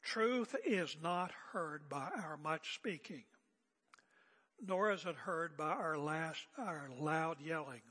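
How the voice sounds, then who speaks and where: An older man preaching a sermon as pastor, seated and speaking in a calm, conversational way with rhetorical questions. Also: fairly high pitch, slow, breathy edge, long reverb tail. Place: church sanctuary. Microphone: seated at pulpit area mic.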